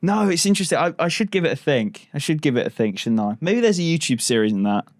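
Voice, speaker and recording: A man's voice: fairly high pitch, big pitch swings, fast, no echo, studio quality. A man hosting a podcast in casual chat, chatty, laughing often and swearing casually. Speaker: podcast host.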